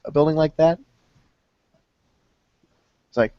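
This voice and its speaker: A young man rambling through a casual podcast, his voice a little high for a man. He keeps tossing in the same filler word. The sound is dull, dry and lo-fi, like a voice call. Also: lively intonation, a little slow, dry recording. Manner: rambling, fills speech with "stinking". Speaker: podcast host. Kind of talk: casual chat.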